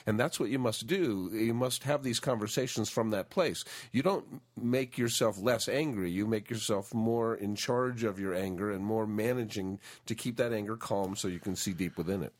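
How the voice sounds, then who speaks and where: Co-host: man, mid-pitched, earnest, talks through ideas with restarts. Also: moderate pace, hardly any pauses. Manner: earnest, explanatory, with repeated restarts. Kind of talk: relationship advice talk.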